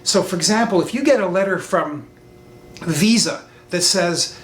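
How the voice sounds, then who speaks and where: Lawyer guy teaching on a video call, high voice, emphatic, echoey room. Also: lively intonation, a little slow, fairly bright tone. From Canada. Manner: emphatic, repeats warnings, acts out quotes. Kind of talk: online class lecture. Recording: roomy sound with faint rumble.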